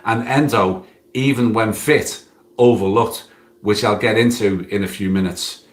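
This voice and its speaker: A man giving a scripted opinion read-out in a measured, steady delivery. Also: fairly low pitch. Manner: measured, steady reading of a prepared piece. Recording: echoey room sound.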